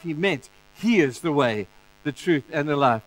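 A male pastor preaching a sermon in an animated way, acting out the stories in different voices. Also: fairly high pitch, moderate pace, slight background noise, poor audio.

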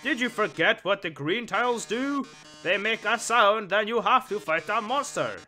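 A man voicing a flamboyant male robot game-show host with a melodramatic, drawn-out sarcastic delivery. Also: high voice, expressive, bright, forceful tone, a little hiss or hum. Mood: taunting.

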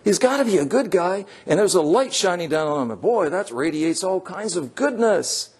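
A man playing a gullible male TV fan, gushing and wide-eyed, fully taken in by what he sees on screen. The voice sits high and sounds husky. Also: sing-song, normal speed, exaggerated voice. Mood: awed. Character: gullible male TV viewer, dazzled and naive.

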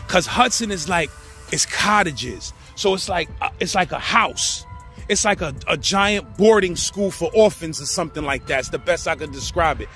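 High-voiced New York man telling stories. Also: moderate pace, soft background music. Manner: animated, slangy, acts out the people in his story. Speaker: storyteller host. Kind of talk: casual prison storytelling.

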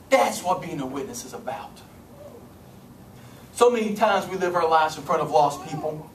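Preaching man in an echoey church. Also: normal speed. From Kentucky. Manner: dramatic, swinging from soft and low to loud. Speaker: pastor. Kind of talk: sermon. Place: church sanctuary. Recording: echoey church room, distant mic, faint noise.

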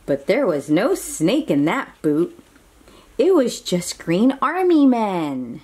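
A woman reading a children's picture book aloud, animated and asking her young listeners questions. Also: mid-range voice, slow, slightly rough.

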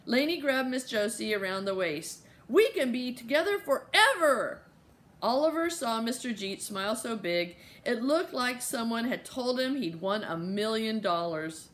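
A woman's voice: a little high, measured pace, hardly any pauses. Woman narrating a children's audiobook. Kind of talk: scripted narration.

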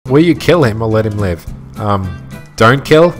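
A man's voice: fairly low pitch, lively intonation, unhurried, soft background music. A young man commenting on his own gameplay in a crude, sarcastic, profane way. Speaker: gaming commentator. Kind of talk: let's play commentary.

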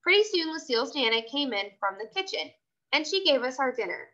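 A high, bright woman's voice reading a children's chapter book aloud, swooping up and down with lots of expression. She sounds like a teacher reading to her class. The recording is a bit dull and lo-fi. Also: lively intonation, a little fast. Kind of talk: read-aloud storytelling.

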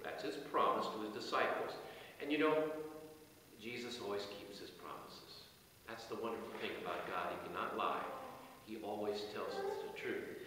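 A man delivers an earnest graveside sermon, his voice bright and clear in tone. He is recorded from a distance, so the sound is roomy and echoey, with a long reverb tail. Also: medium pitch, slight background noise. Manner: earnest preaching, reads scripture aloud. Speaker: pastor. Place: outdoor cemetery burial service.

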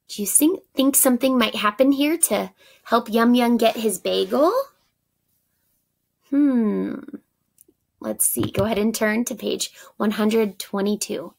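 A woman's voice: on the high side, a little slow, gravelly, long pauses. A woman teacher reading a children's book aloud for students, encouraging them and asking them questions. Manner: encouraging, asks questions to young listeners.

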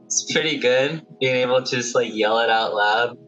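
A man's voice: medium pitch, normal speed, a bit bright, soft background music, low-quality recording. A teenage boy reading his list aloud over a video call, hesitant and full of ums. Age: teens. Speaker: student volunteer.

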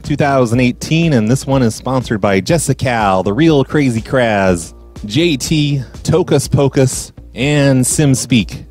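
A man hosting a podcast, reading the sponsors and supporters in a sarcastic, profane, deadpan way. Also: mid-range voice. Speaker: podcast host. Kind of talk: casual podcast intro.

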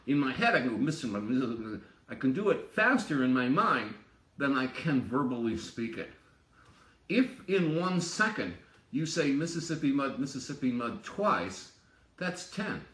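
A man's voice: mid-range voice, very animated, normal speed, fairly bright tone. A man teaching ear training, explaining step by step and chanting rhythm syllables to show pulses. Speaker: music teacher. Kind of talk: explanatory lesson. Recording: echoey room, distant mic.

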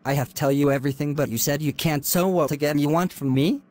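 A deceitful young man who secretly serves evil, scornful and mocking in his talk, as a man voices him for an amateur cartoon. His voice sits a little high for a man. He laughs at his victims with open contempt. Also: quick pace, darkish tone, lightly acted. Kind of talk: amateur animation voice acting.

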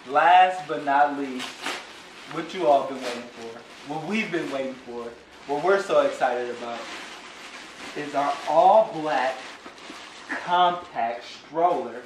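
A man's voice: a little high, slow, noisy background. A young man, a father, unboxing a product for his vlog, hyped and playful, talking straight to his viewers. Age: young adult. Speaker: father and vlogger reviewing a product. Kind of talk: excited unboxing vlog talk. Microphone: phone camera. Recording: roomy sound, mic at a distance, faint ambience.

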